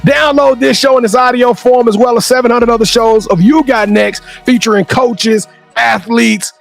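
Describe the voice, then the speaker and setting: A man co-hosting a podcast, talking in a loud, sing-song, hype style and shouting praise at his guest. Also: very high-pitched, fairly even intonation, moderate pace, creaky, faint music behind. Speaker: podcast co-host. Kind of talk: hyped podcast outro.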